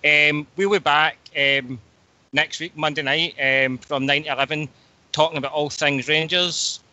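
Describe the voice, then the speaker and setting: A man hosting a casual call-in radio show, talking in a halting way with frequent pauses. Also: on the high side, steady tone, pushed and bright, lo-fi sound. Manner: halting, pauses often mid-sentence. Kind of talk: casual sign-off chat.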